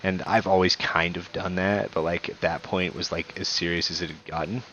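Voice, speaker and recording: This man from the American South has a very deep voice. He chats casually during a gaming stream. He rambles, peppering his talk with "like" and frequent restarts. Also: fairly even intonation, fairly quick, a bit bright, highs cut off, slight background noise. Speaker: gamer on a live stream. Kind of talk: casual chat while gaming.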